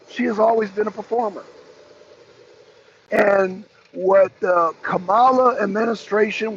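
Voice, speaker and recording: A high-pitched male host with a gravelly edge rambles through his opinion, blunt and emphatic, swearing casually. The recording is dull and lo-fi, with a faint hiss of noise underneath. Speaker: talk show host.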